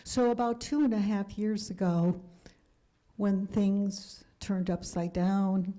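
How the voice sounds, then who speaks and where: A woman's voice: lowish voice, rough recording. Older woman telling her life story. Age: 70s. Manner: earnest, drops to a hush for emphasis. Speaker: guest speaker. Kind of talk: personal storytelling lecture.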